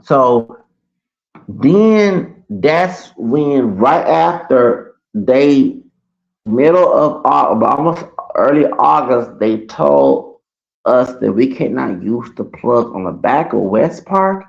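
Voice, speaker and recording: A man's voice: mid-range voice, lively intonation, slow, gravelly, highs cut off. A man telling a rambling, profane story on a casual livestream through a computer mic. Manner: rambling, profane, repeats himself.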